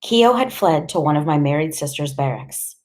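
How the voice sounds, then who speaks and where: A woman narrates an audiobook with a low, grounded voice. Her reading is measured and steady, never rushed. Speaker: audiobook reader. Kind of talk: scripted narration.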